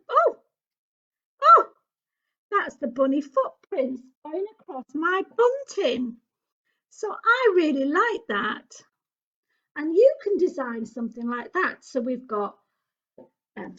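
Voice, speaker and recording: A woman's voice: high voice, fairly bright tone. A woman with a British accent leading a children's craft session, chatty and full of little exclamations as she talks straight to small children. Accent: British English. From England. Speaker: children's activity presenter. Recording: dull lo-fi recording.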